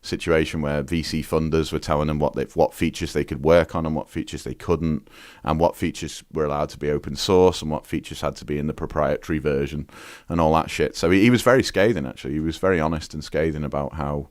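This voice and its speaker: A man's voice: rumbling low, steady tone, quick pace, no room sound, studio quality. A man from the UK chatting as a podcast guest, telling rambling stories full of fillers and restarts. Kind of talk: casual chat.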